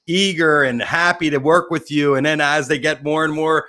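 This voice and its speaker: Man, interview host, bright crisp tone, slightly high voice, chatty and affirming. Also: steady tone. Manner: chatty, affirming, quick follow-up questions. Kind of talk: casual interview chat.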